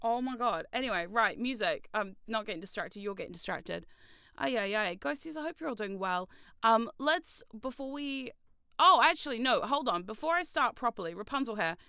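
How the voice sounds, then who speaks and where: A young woman chatting casually on a livestream, excitable and quick to swear and laugh. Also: fairly high pitch, smooth, no echo. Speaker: streamer.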